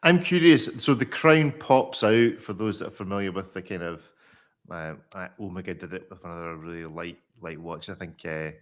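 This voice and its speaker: A man's voice: sits low, normal speed. A man hosting a live watch panel show, easygoing, asking questions and laughing along with guests. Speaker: host.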